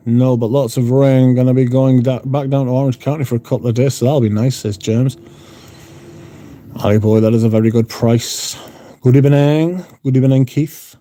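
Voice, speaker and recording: Male livestream host, mellow low-toned voice, casual and foul-mouthed. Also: a little hiss or hum. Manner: sweary, blunt. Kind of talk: casual chat reading out viewer comments. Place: room at home.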